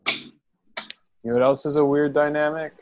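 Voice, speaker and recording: A teenage student chatting casually with friends on a call, easygoing and halting with fillers. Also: male voice, on the high side, flat delivery, noisy background.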